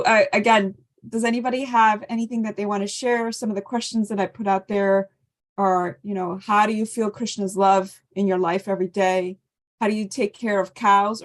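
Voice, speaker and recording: A woman's voice: medium pitch, gravelly. A woman leading an online devotional scripture class over a video call, thanking people and asking them to share. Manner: warm thanking and inviting sharing. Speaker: class leader.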